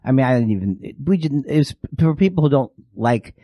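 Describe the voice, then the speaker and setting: A middle-aged man guesting on a podcast, talking in a halting, rambling way. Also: mid-range voice, expressive, dark tone. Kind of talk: casual chat.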